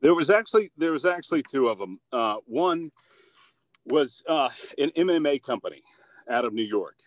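A man's voice: medium pitch, expressive, normal speed, no echo. An upbeat, goofy man talks about his voice-acting work in a casual interview. He stumbles through restarts and fillers with easy energy. His voice sits in a middle register on a dry, close recording. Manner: upbeat and goofy, with many fillers and repeated starts. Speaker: voice actor and commercial producer.

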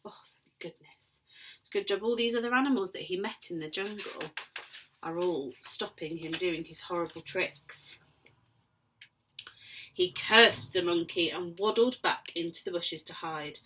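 A woman teacher reading a children's story aloud expressively, with soft whispered asides to her class. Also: on the low side, a little slow, background noise.

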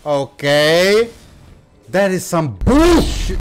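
A man giving excitable let's play commentary, swearing and ranting at the game. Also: mid-range voice, a little slow. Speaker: gaming youtuber. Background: faint game music.

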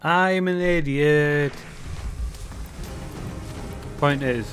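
A man casually commenting on his own gameplay, swearing a lot with loud frustrated outbursts. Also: a little high, extremely slow, soft background music. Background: game sounds.

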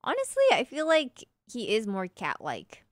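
A woman's voice: a little high, huge pitch swings, normal speed, dry recording, clean studio sound. A young woman streaming live, casually chatting and answering her viewers' questions in a playful way, humming little nonsense sounds between thoughts.

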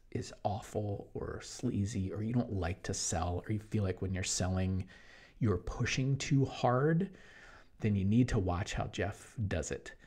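A man talking as an online business coach in a casual promotional monologue, energetic, jumping between loud bursts and hushed asides. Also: fairly low pitch, slightly rough. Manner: mimics other people in quoted voices.

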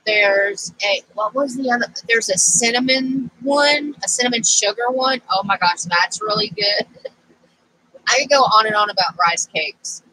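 A woman's voice: fairly high pitch, unhurried, pushed and bright, slightly rough, poor audio. A woman vlogging casually to camera as she works on a craft project, rambling and easily sidetracked.

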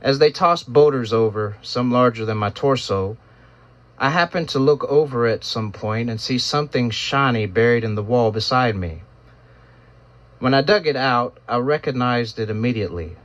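A man narrating a first-person story in a solemn, measured storytelling manner, in a dull lo-fi recording. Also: medium pitch.

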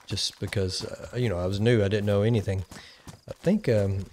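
A man with a somewhat low voice chats through his gameplay, thinking aloud as he plays. He rambles casually as he goes, and a faint noise sits under his voice. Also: fairly even intonation, normal speed, darkish tone. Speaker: gaming channel host.

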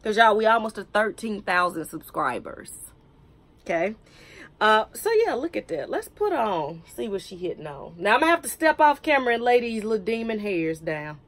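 A woman's voice: medium pitch, expressive, normal speed, a bit bright. A woman, chatting to camera in a wig review vlog, joking and teasing herself. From United States. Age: 30s. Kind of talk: casual chat to camera.

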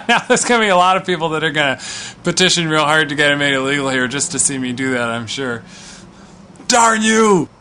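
A man's voice: a little high, fast, sharp tone, slight background noise. A male comedian delivering a sarcastic, rambling comic monologue, with plenty of fillers.

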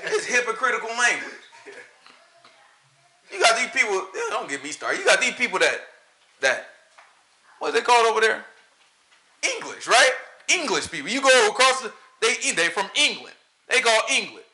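A man preaching in an animated, colloquial way, emphatic and mocking by turns. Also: sits high, normal speed, long pauses, reverberant, poor audio.

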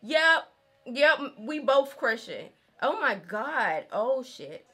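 Girl vlogging, bright kinda high voice, chatty, laughs a lot, says y'all. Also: sing-song, slow, breathy edge. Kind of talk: casual chat while doing her hair.

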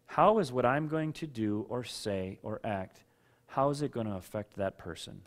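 Here a male pastor and father speaks at a measured pace, his fairly low voice full of lively intonation. His sermon stays conversational, with questions aimed at listeners by name, though he sometimes swells into loud rhetorical outbursts.

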